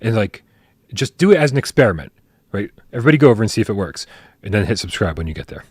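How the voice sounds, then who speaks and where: A man's voice: fairly low pitch, big pitch swings, racing, slightly rough, no echo, studio quality. A man hosting a casual live stream, chatty and joking as he reads out viewer tips. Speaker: podcast host.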